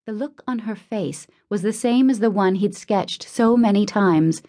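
A woman reading a novel aloud in a measured, intimate narration. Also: medium pitch, dark tone. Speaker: audiobook narrator. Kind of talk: scripted narration.

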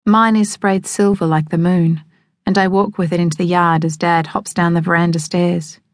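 Woman narrating, low and dry. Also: little pitch movement, no echo. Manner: measured, evocative storytelling. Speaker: audiobook narrator. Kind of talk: scripted first-person narration. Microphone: close studio microphone. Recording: dry close studio sound.

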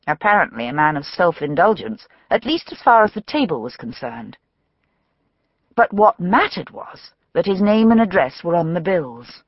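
A woman narrating a mystery novel for an audiobook with measured storytelling. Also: on the low side, husky, no echo, dull audio.

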